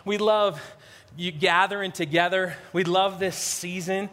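High-voiced pastor in a reverberant hall. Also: male voice, steady tone, a little slow, pushed and bright. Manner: informal, joking, many restarts. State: a little out of breath. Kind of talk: church prayer and sermon.

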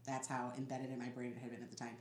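This podcast co-host is a woman with a rumbling low voice who talks very fast, laughing as she tells animated stories in a casual chat. Faint noise and echo from the room come through in the audio.

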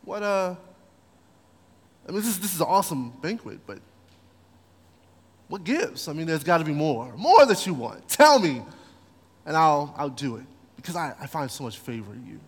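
Easygoing slang-talking king, as a preacher puts him on, lively, high, echoing hall. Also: normal speed, long pauses, husky, full character voice. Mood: fond. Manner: casual, slangy. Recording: long hall reverb.

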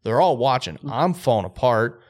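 A man co-hosting a podcast, telling a hunting story in an animated, excitable way. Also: mid-range voice, moderate pace. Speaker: podcast co-host.

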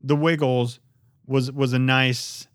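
A man's voice: medium pitch, flat delivery, slow, clean tone, no room sound, studio quality. A man co-hosting a podcast in casual chat, blunt and joking, swearing often. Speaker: podcast co-host.

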